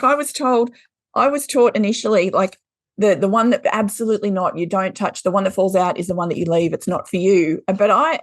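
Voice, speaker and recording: A woman's voice: mid-range voice, no echo, studio quality. Blunt Australian woman, laughs easily. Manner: blunt, swears freely, laughs often. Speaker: guest, intuitive card deck creator. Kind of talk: casual podcast conversation.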